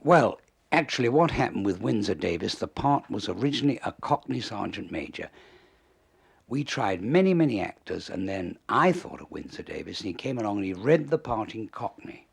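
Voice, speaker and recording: An older man with a gravelly, husky voice, spinning lively anecdotes as an interview guest. He tells his stories with relish and chuckles along at them. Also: on the low side, moderate pace. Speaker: comedy writer, interview guest. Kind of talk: anecdotal storytelling.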